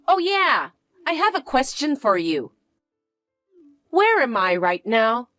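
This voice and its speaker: A woman's voice: high voice, big pitch swings, takes it slowly, fairly bright tone, dry recording, studio quality, soft background music, full character voice. A woman voicing a spoiled, boastful young stepsister who talks in a condescending, whiny and demanding way. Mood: smug, bratty. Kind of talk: dramatized story reading.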